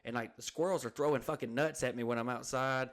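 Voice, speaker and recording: A man tells a long, profanity-laced story in loose casual chat. His voice sits at an ordinary middle pitch. He rambles, swears constantly and slips into quick impressions of the people in the anecdote. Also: steady tone, fairly bright tone. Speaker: podcast co-host.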